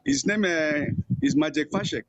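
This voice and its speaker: Older nigerian guy telling stories, high husky voice, dry muffled sound. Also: moderate pace. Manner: animated storyteller, acting out quoted voices with higher pitch. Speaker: interview guest, veteran journalist. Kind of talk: storytelling interview.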